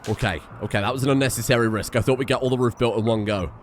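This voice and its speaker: A man's voice: medium pitch, steady tone, racing, slight background noise. A man giving exasperated, swearing let's-play commentary on a survival game and talking to the characters on screen. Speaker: gaming video creator.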